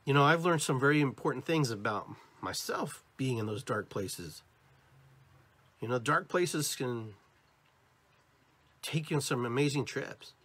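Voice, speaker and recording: A man's voice: medium pitch, lively intonation, unhurried, long pauses, a bit bright, husky. A man hosting a podcast, giving a motivational spiritual talk straight to his listeners, emphatic and repetitive. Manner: acts out different tones of voice as examples. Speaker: podcast host.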